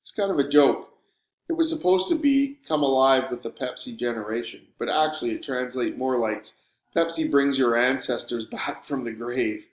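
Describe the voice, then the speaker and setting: A man's voice: mid-range voice, normal speed, lightly acted. A man doing a flustered teenage boy. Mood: amused. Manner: flustered, stammering when pressed. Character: teenage boy, embarrassed and defensive. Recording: roomy room echo.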